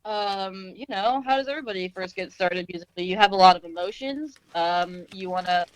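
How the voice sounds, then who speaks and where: Young female singer-songwriter guest from Texas, mid pitch, dry sound, loose and self-mocking. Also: fairly quick, clean tone, no room sound, low-quality recording. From Austin, Texas. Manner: laid-back, self-deprecating, lots of "like" and "um". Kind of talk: casual interview.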